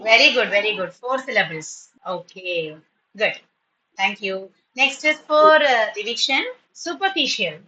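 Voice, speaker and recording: A woman teacher with a fairly high, animated, sharp-toned voice runs an online spoken English class at a moderate pace, and the sound is lo-fi. She is patient, praises her students often, and sometimes switches into Tamil to explain things.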